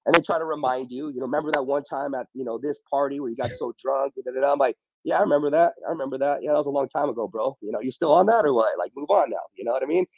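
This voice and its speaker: A man's voice: medium pitch, rapid-fire, hardly any pauses, no room sound, highs cut off. A man speaking as a podcast guest in casual motivational talk, often saying "bro" and "you know what I mean".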